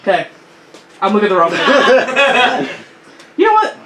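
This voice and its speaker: A woman doing improvised stand-up in a small comedy club, brash and laughing, with loud bursts. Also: medium pitch, wildly swooping pitch, a little slow. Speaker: stand-up comic. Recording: roomy club with crowd noise.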